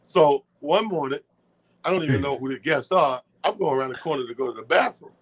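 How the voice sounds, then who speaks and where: A man co-hosting a radio show, telling animated stories casually and swearing freely. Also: fairly high pitch. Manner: animated, swears freely, talks fast when excited. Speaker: radio co-host. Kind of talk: casual radio chat, storytelling.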